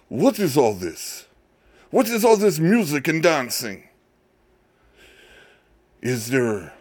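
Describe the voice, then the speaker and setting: A man's voice: a little high, darkish tone, pitched above the performer's own voice, heavily acted. A man voicing a resentful, dutiful elder brother who complains indignantly.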